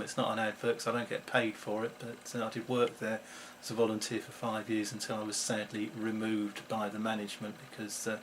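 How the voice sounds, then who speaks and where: A man's voice: fairly low pitch, a little hiss or hum. A middle-aged man, chatting to camera at home in a rambling, self-mocking way. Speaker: vlogger. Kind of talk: casual chat to camera.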